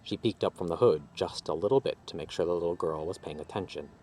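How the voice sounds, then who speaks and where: A man reading his own fantasy story aloud with expressive narration. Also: low voice, fast talker, a little hiss or hum.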